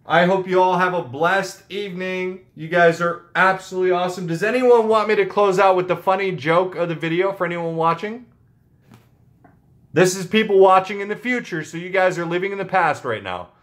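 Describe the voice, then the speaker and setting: Male channel host with a slightly high voice, loose and joking, full of fillers. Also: fairly quick, fairly bright tone. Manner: rambling, joking, with frequent fillers. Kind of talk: casual chat to viewers.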